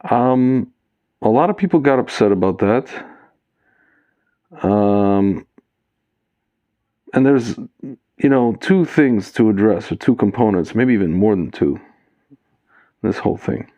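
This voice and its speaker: Low-voiced man rambling to his viewers. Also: animated, slow pace, pauses often, no echo, lo-fi sound. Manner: talks to viewers as "guys", many fillers, loose and digressive. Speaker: video commentator. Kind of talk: casual spoken commentary to camera.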